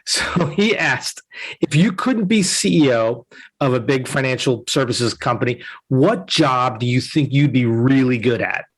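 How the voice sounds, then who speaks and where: A man hosts a business interview podcast. His voice sits at an ordinary middle pitch, and he asks his questions in a friendly, encouraging way. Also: animated, a little slow, slightly rough, poor audio. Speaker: podcast host.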